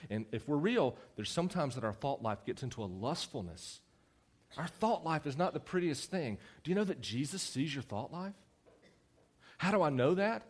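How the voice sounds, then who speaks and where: A young man preaching a conversational sermon, animated and teasing his listeners. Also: medium pitch. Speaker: youth preacher.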